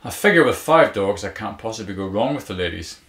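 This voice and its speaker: A down-on-his-luck dog walker, voiced by the male reader, cracks dry jokes and grumbles about his luck. His voice is low and gravelly, close to the reader's own. A roomy echo hangs around it. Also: moderate pace, a bit bright. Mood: bantering. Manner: wry, joking banter, turning glum.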